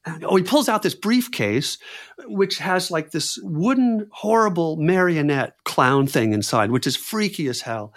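Male storyteller, slightly high-pitched, animated, repeats himself for emphasis. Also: unhurried. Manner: animated, repeats words and phrases, acts out quoted voices. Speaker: clown performer telling a story. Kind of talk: personal storytelling.

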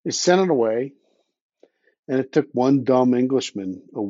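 A man's voice: mid-range voice, expressive, normal speed, dark tone, no echo, muffled recording. Blunt, opinionated man with hiccups. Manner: blunt, opinionated, swears, frequent restarts. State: has the hiccups. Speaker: podcast guest, underwater explorer. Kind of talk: casual conversational interview.

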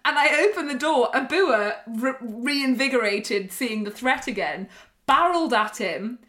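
Woman, high bright voice, casual podcast chat, animated storytelling, self-mocking. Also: normal speed. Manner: animated, self-deprecating, laughing through the story. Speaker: podcast host. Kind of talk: casual anecdote-telling.

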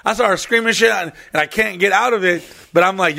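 A man with a gravelly, slightly raised voice tells crude stories on a podcast, swearing freely and acting out the people in them. The sound is dry and close, with no room echo. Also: high voice, brisk. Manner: profane, animated, acts out other people's voices. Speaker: podcast co-host. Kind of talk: crude casual storytelling.

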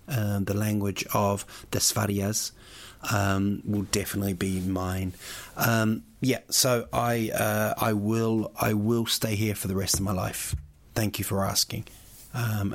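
A man's voice: fairly low pitch, creaky, dry recording. A man hosting a solo podcast, rambling through listener questions with jokey, playful asides. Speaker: podcast host. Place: lives in Sweden.

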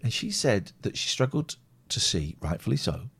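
A man's voice: fairly low pitch, very animated, normal speed, a bit bright, slightly rough. A man from the United Kingdom hosting a live stream show in casual, rambling, blunt chat. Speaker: show host.

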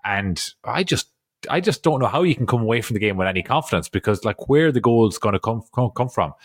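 A man's voice: medium pitch, lively intonation, quick pace. Hesitant man thinking aloud. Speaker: podcast co-host. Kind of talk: casual chat.

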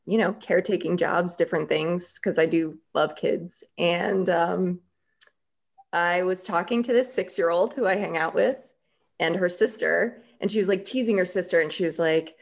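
A woman co-hosting a podcast in casual chat, telling stories in an animated way with many "like" fillers. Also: lowish voice, normal speed, creaky. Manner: animated, storytelling, frequent "like" fillers. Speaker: podcast writer and co-host.

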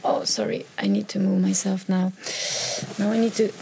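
A woman's voice: medium pitch, lively intonation, normal speed, gravelly, noisy background. A woman talking on her own as a podcaster, telling a personal story in a hesitant way, with restarts, and often dropping to a whisper. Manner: hesitant, with restarts and trailing phrases; drops into soft whispers when quoting texts. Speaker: solo podcaster. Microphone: recording on a microphone.

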